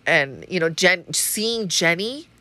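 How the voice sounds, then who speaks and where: Woman from Hawaii, podcast host, casual profane chatter, fairly low pitch, dry close sound. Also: lively intonation, slow, sharp tone, dry recording. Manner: chatty and profane, with frequent laughs. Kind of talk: casual spiritual-astrology podcast monologue.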